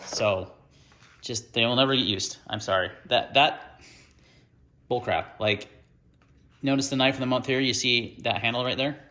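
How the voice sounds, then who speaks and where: A man's voice: medium pitch, sharp tone, a little hiss or hum. A man hosting an unboxing video, talking casually and ranting in frustration about the gear.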